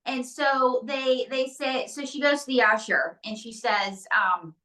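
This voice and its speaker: A woman ventriloquist as an interview guest, telling quick, jokey stories. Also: on the high side, steady tone, bright, forceful tone, recorded from a distance, low-quality recording. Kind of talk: comedic interview chat.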